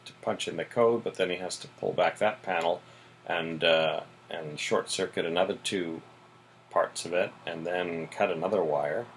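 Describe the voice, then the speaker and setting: A man's voice: deep voice, moderate pace, a little hiss or hum, poor audio. A man co-hosting a podcast, casually recapping TV episodes and filling in with "mm-hmm". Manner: relaxed, plot-summarizing, frequent "mm-hmm" and "so". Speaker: podcast co-host.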